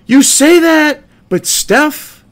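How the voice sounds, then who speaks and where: A man's voice: very high-pitched, animated, very slow, fairly bright tone. A man hosting a commentary show, ranting profanely and mocking a statement as he reads it aloud.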